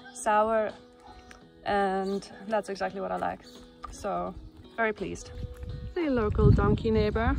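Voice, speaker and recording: A woman's voice: mid-range voice, creaky, darkish tone. A woman walking outdoors through a rural village, chatting cheerfully to her camera in a casual vlog. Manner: cheerful, chatty, laughs often. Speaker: vlogger.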